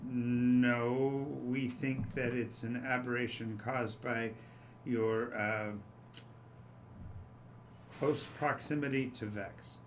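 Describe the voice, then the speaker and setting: A man's voice: mid-range voice, flat delivery, slow pace, long pauses, slight background noise, close to an everyday voice. A man voicing a nervous, officious female facility official in a tabletop game, with a stammering, bureaucratic way of speaking. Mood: wary.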